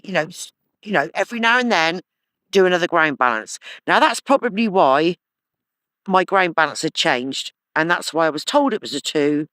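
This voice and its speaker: A man's voice: high voice, sharp tone, no room sound. Chatty man detecting in a field. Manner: chatty, enthusiastic, talks to himself while digging. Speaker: metal detecting channel host. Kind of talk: casual outdoor vlog chat. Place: sloping farm field outdoors.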